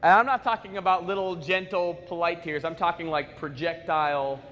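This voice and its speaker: A man in his twenties, a motivational speaker, telling stories at a school assembly in an animated, conversational way with comic asides. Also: fairly high pitch, moderate pace, a little hiss or hum. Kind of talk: school assembly keynote storytelling. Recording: echoey school hall reverb.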